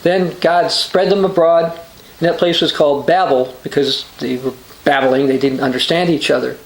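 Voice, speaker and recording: A man's voice: on the high side, fairly even intonation, moderate pace, reverberant, poor audio. A man hosting a religious news channel, giving a short sermon as he reads news quotes and scripture aloud, with the odd "uh" and restart.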